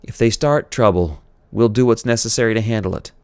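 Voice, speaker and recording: A man's voice: fairly low pitch, fairly quick, a little mellow, clear, resonant tone, no room sound, lightly acted. A man voicing a firm Captain Kirk. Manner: firm, raised, commanding delivery. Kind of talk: audiobook character reading.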